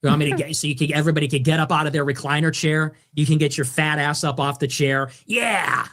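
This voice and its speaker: A man in a played stream clip, talking in a sarcastic, mocking way and jumping into high voices to mimic others. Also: steady tone, quick pace, fairly bright tone. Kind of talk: live-stream monologue.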